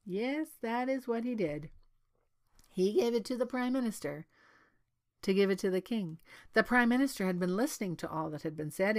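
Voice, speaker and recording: A woman storyteller reading a storybook aloud in an expressive, lively way. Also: mid-range voice. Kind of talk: read-aloud storybook narration.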